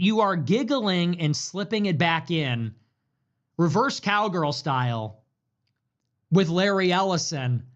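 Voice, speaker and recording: A man rants about politics in a high voice that leaps up and down. He turns sarcastic and profane, then drops into muttered asides. The replayed video sounds dull and lo-fi. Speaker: political commentator. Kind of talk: rambling ranting commentary.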